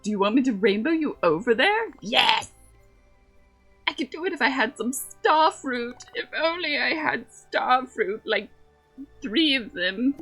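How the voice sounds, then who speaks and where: A woman's voice: high voice, lively intonation, a little slow, a bit bright, husky, soft background music, heavily acted, rough recording. Woman putting on a drawling Southern fairy girl. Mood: cheerful. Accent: Southern US, put on. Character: chirpy magical girl fairy child.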